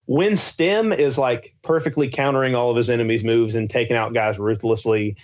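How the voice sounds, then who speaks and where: A young man co-hosting a podcast chats eagerly, rambling with lots of fillers. His medium-pitched voice talks at a normal speed, and the sound is muffled and slightly dull, lo-fi.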